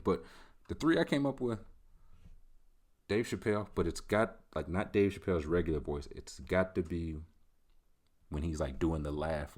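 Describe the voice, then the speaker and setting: A man's voice: sits low, a little mellow. A man hosting a solo comedic podcast, talking in a loose, boastful, joking way as he answers listener questions. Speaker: podcast host.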